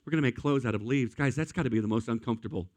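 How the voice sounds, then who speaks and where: A man preaching a sermon at a church service in an energetic, conversational way, talking straight to the congregation. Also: medium pitch, rapid-fire, no room sound. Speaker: pastor.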